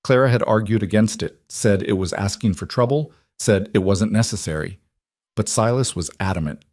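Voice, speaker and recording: Male narrator for a western audiobook: measured, deliberate, low voice. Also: a little mellow, no echo, studio quality. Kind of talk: scripted western story narration.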